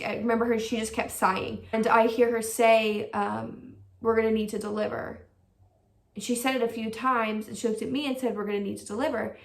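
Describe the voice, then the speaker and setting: A woman's voice: fairly high pitch, a bit bright, recorded from a distance. Chatty young woman, roomy and off-mic. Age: young adult. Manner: chatty, many "like" fillers, reenacts quotes. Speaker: vlogger. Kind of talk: casual storytelling.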